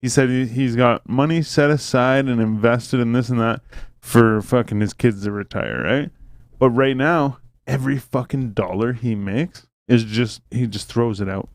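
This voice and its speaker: A man's voice: medium pitch, moderate pace, no echo, clean studio sound. A man hosting a podcast, telling a long story in casual chat, swearing freely and piling on fillers. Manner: swears a lot, rambling storytelling with many fillers. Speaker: podcast host.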